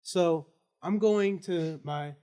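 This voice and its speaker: A male student on a casual podcast, telling an animated story and laughing as he goes. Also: on the high side, slow, clear, resonant tone. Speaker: student guest.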